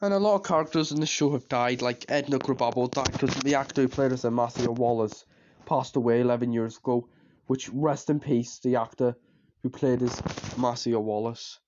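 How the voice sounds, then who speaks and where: A man's voice: mid-range voice, a little mellow, slight background noise. A man giving a casual spoken review of a cartoon series, rambling and repeating himself as he trails off into fillers. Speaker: TV show reviewer. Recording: slightly dull lo-fi recording.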